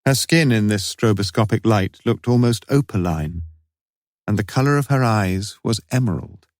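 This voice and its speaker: Low-voiced male audiobook narrator. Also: moderate pace, no echo, clean studio sound.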